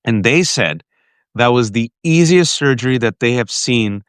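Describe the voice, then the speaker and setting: Male host, mid-pitched, dry close sound, emotional storyteller who restarts often. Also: measured pace, smooth, no room sound. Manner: animated, emotional, frequent restarts and direct address to the guest. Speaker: podcast host. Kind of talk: heartfelt personal storytelling to a guest.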